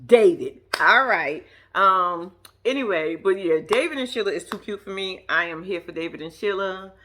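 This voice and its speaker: Animated woman recapping a reality show. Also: mid-range voice, moderate pace. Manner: chatty, blunt, profane, laughs often.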